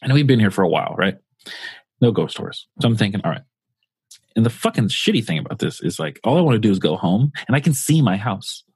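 Husky-voiced man telling a rambling story. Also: fairly low pitch, sing-song, fast talker, darkish tone, no room sound. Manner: rambling, profane, full of fillers. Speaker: podcast co-host. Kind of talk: casual storytelling.

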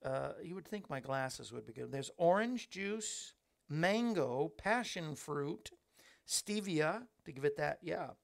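A man hosts a casual live show from a small studio under hot lights, chatting and reading viewer comments aloud with upbeat asides. His fairly high voice is slow and creaky with lively intonation, picked up by a studio microphone.

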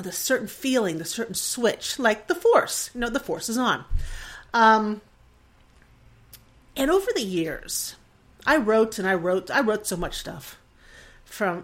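A woman in her forties hosting a podcast, talking in an earnest, reflective monologue that rambles with restarts and wavers with emotion. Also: medium pitch. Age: 40s. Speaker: podcast host.

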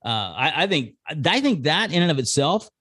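A man's voice: fairly high pitch, lively intonation, fairly quick, fairly bright tone, husky, no echo, studio quality. A middle-aged man hosting a podcast on a video call, easygoing, thinking aloud with many "I think"s in casual conversation. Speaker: podcast host. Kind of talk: casual interview chat.

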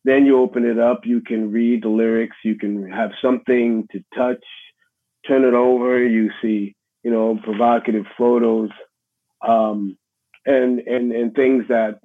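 A middle-aged man with a New York accent, a musician being interviewed, speaking in a halting, reflective way with many restarts. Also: mid-range voice, flat delivery. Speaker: guest musician. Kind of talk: casual interview conversation. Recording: husky voice over a tinny phone line.

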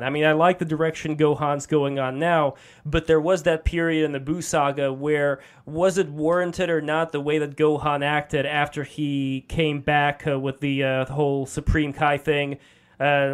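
A man's voice: a little high, little pitch movement, normal speed, clean tone. A man in a casual stream chat who asks questions in an inquisitive way and laughs easily.

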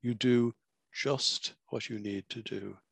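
A man's voice: mid-range voice, steady tone, takes it slowly, gravelly, a bit bright, breathy edge, no room sound. A man hosting a self-help podcast, who teaches in an emphatic, repetitive, preacherly way. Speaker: podcast host.

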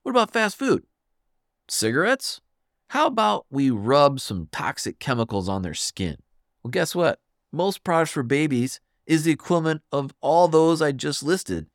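A fired-up man rants on his own podcast, hammering his points with emphasis. His pitch leaps up and drops down with lots of life. The sound is dry and close, with no room around it. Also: sing-song, moderate pace, dry recording. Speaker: podcast host. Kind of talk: solo podcast rant.

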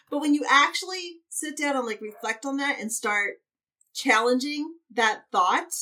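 A woman's voice: sits high, unhurried, pushed and bright, distant mic. A woman guest on a podcast, giving earnest advice in casual chat and saying "like" often. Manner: earnest, uses 'like' often.

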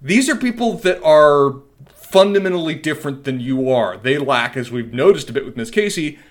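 A man's voice: fairly high pitch, lively intonation, normal speed. A man co-hosting a podcast, chatting casually and spinning playful, wordy theories. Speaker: podcast co-host. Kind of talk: casual recap chat.

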